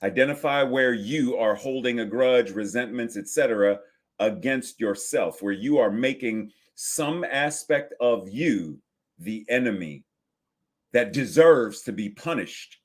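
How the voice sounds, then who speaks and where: Slow, deliberate male minister in his 50s. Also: mid-range voice. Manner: slow, deliberate preaching with repetitions and pauses. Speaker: senior minister. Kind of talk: sermon.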